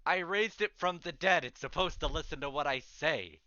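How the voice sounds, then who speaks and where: A man's voice: a little high, moderate pace, pushed and bright, no room sound, dull audio, voice pushed up. Man putting on a frantic, stammering young necromancer. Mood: panicked. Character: panicky young male student necromancer.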